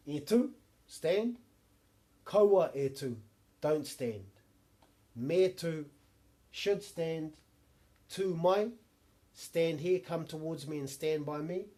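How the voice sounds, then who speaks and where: A man leads a language lesson. His voice is warm and dark in tone. He works through short phrases slowly and patiently, repeating each one so learners can follow. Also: on the high side. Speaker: language teacher.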